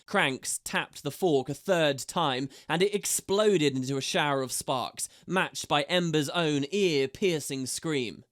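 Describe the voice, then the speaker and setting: A man reading a fantasy audiobook aloud with steady, measured narration. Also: a little high.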